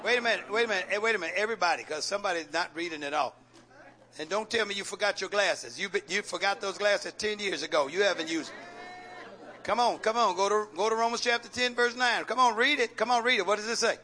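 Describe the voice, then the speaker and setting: A man's voice: high voice, quick pace, pushed and bright, slight background noise. A man preaching a sermon as pastor, calling out questions for the congregation to answer and repeating phrases with folksy jokes.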